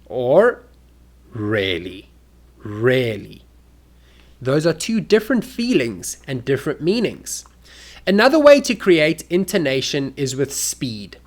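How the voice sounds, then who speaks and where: An English teacher giving a lesson to learners in a clear, deliberate way and acting out spoken examples. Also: mid-range voice, big pitch swings.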